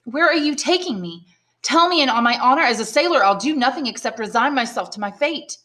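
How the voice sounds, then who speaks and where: A woman's voice: fairly high pitch, expressive, fast talker, a bit bright, voice pushed up. A woman doing a desperate young sailor. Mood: pleading. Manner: pleading, urgent. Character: young male sailor, falsely accused, desperate.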